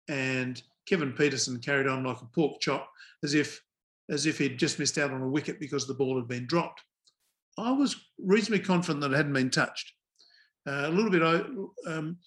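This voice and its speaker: A man's voice: fairly high pitch, fairly bright tone. An older man, a former umpire telling wry anecdotes as a guest in a casual interview.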